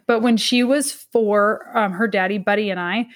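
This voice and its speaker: A woman in her thirties, an academic guest in an interview, telling a personal story in an earnest, halting way with frequent restarts. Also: medium pitch.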